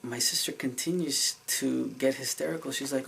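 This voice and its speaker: Gravelly man rambling through a dream story. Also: mid-range voice, steady tone, unhurried, few pauses, a bit bright, slight background noise, low-quality recording. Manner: rambling, many fillers and restarts; earnest and emotional. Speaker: vlogger recounting a dream. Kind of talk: casual storytelling vlog.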